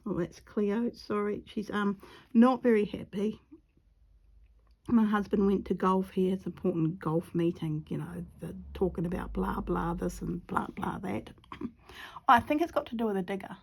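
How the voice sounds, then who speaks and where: A woman's voice: medium pitch, normal speed, creaky, husky. A middle-aged woman with a New Zealand accent chatting casually while she paints, rambling into giggly asides and muttering half to herself. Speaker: watercolor painting vlogger.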